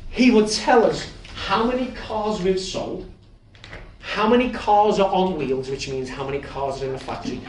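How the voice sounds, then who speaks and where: A man giving a lively, humorous testimony as a storytelling talk. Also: on the high side. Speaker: testimony speaker. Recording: echoey room from far off, noisy ambience.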